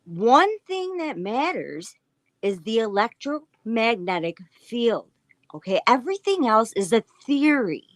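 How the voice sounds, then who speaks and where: A woman playing a preachy man who lectures slowly and emphatically. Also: a little high, sing-song, no room sound. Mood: lecturing.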